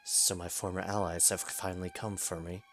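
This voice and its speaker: A man's voice: deep voice, flat delivery, fairly bright tone, soft background music. Man doing a frail, guilt-ridden old knight. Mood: remorseful. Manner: slow, halting and remorseful.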